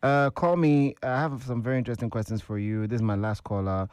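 A man's voice: mid-range voice, fairly even intonation, a little fast, a little mellow, clear, resonant tone, no echo. A man with a Ghanaian accent hosting a casual, upbeat call-in quiz on the radio. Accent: Ghanaian English. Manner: casual, upbeat, chatty with callers.

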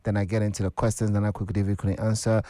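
A man's voice: fairly low pitch, flat delivery, rapid-fire, dark tone, dry recording, studio quality. A man with a Ghanaian accent hosting a casual, upbeat call-in quiz on the radio. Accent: Ghanaian English. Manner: casual, upbeat, chatty with callers.

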